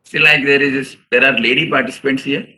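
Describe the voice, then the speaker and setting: A man's voice: mid-range voice, steady tone, quick pace, pushed and bright, rough recording. A man giving an earnest seminar lecture to fellow chartered accountants, telling stories and calling his listeners "sir". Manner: earnest, addresses audience as "sir", acts out quotes.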